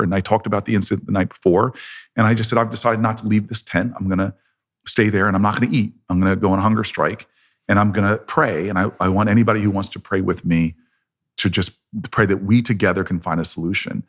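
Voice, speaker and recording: A man's voice: on the low side, brisk. A man in his fifties with an American accent, telling a long story with animation and acting out both sides of the conversations. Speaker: politician guest.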